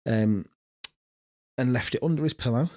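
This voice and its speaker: A man's voice: medium pitch, normal speed, mellow. A man co-hosting a podcast, telling family stories with plenty of swearing and laughter. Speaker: podcast co-host. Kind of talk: casual banter, storytelling.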